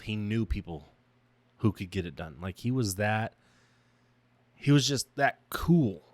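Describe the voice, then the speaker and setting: In a dry recording with no echo, a young man with a fairly low voice hosts his own podcast. He delivers a raw, emotional personal monologue about himself, halting and restarting as he reflects.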